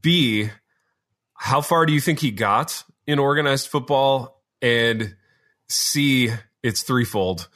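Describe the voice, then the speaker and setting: A man co-hosting a casual podcast chat, dry and deadpan, asking pointed questions. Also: medium pitch, slow pace. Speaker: podcast co-host.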